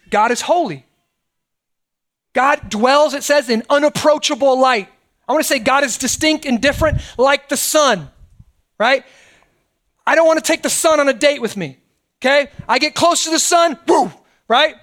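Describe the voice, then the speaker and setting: A middle-aged pastor preaching a sermon in a conversational way, often checking in with the congregation. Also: male voice, extremely high pitch, animated, normal speed, long pauses, fairly bright tone. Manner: conversational preaching, frequent "right?" asides.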